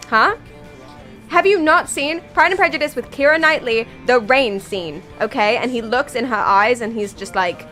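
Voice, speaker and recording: A woman's voice: fairly high pitch, normal speed, pushed and bright, faint music behind. A young British woman streaming a game, chatting casually with viewers in a rambling, jokey, tangential way while sounding tired.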